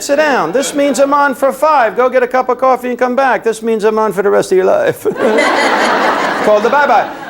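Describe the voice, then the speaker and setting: A man's voice: high-pitched, a little fast, a loud crowd. A middle-aged man giving a humorous motivational speech, telling stories with voiced characters and talking to the audience. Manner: animated storytelling with voiced characters and audience asides. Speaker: motivational speaker.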